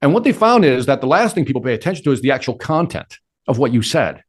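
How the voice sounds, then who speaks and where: A man's voice: medium pitch, sing-song, fast talker. A middle-aged man answering interview questions with energy, acting out quotes and his own inner talk. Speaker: sales speaker and interview guest.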